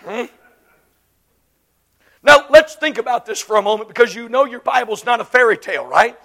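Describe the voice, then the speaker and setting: A woman preaching a sermon, impassioned and emphatic, swinging from loud declarations to hushed lines. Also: fairly high pitch, expressive, moderate pace.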